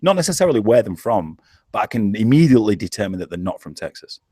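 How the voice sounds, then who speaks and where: A man's voice: lowish voice, sing-song, fast, dark tone, breathy edge, dry recording, clean studio sound. An Englishman with a Yorkshire accent in a casual online chat, laid-back, swearing and laughing often. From England. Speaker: show host.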